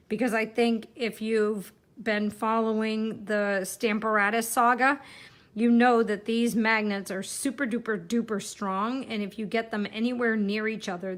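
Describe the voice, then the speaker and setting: With a mid-range, slightly bright voice, this woman chats her way through a relaxed live card-making demonstration, narrating as she crafts and cracking self-deprecating jokes.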